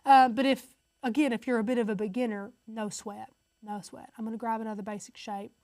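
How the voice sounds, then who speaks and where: A woman's voice: a little high, flat delivery, fairly quick, darkish tone, no echo. A woman hosting a casual step-by-step crafting tutorial, chatty and upbeat, talking straight to her viewers.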